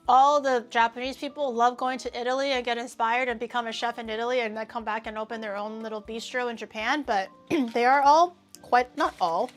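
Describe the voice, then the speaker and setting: A woman hosting a casual livestream, talking to chat in an animated, ranting way and swearing freely. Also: fairly high pitch. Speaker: livestream host.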